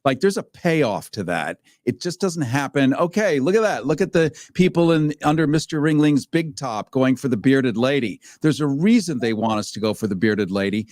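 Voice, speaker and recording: A man's voice: mid-range voice, expressive, moderate pace, hardly any pauses, a little mellow, no room sound. Wisecracking male talk host, dry sound. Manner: wisecracking, colorful quips. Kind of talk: talk show interview.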